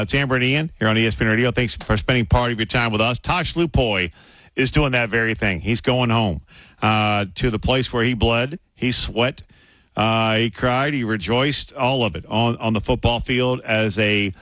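A man's voice: lowish voice, fairly bright tone, dry recording. A man hosts a sports radio interview in a friendly, chatty way, with plenty of fillers. His voice sounds dry and close, with faint music behind. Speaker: radio sports show host.

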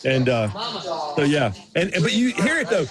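A man's voice: fairly high pitch, big pitch swings, normal speed, crowd noise. Playful Southern man co-hosting a show. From North Carolina. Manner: playful, rambling, lots of restarts. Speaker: co-host. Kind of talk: casual radio show banter.

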